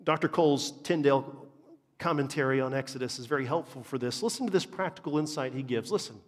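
A man's voice: mid-range voice, fast. A man, preaching a sermon as a pastor in an earnest, emphatic way and repeating phrases for stress. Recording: long reverb of a large hall.

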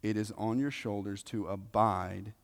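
A man with a fairly low voice delivers a sermon, driving his points home by repeating phrases and shifting between loud bursts and quiet asides. His voice carries the long reverb of a large hall. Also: fairly even intonation, a little slow. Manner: emphatic, repeats key phrases, swings between loud and soft. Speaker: preacher.

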